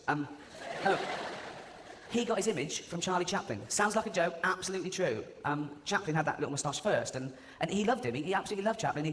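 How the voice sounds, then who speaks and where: A stand-up comedian with a fairly high voice works a large live venue, mocking and sardonic, laughing at his own jokes. The echoey hall is loud with the audience, and there's a little hiss or hum.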